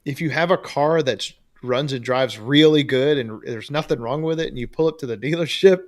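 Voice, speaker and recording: A man's voice: mid-range voice, normal speed, a little mellow. A man co-hosting a casual trade podcast, talking in a loose, rambling way and laughing often. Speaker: podcast co-host. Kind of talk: casual chat.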